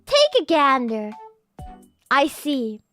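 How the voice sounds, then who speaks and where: A woman streamer rambling playfully in casual chat, giggly and animated. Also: high-pitched, slow, soft background music. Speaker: VTuber streamer.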